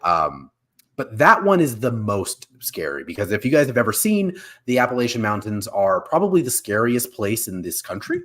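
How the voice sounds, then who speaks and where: A man's voice: fairly low pitch, moderate pace. Casual young guy cohosting a podcast, talks in loose run-ons, voice jumps around a lot. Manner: animated, rambling, lots of "like" and restarts. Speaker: co-host.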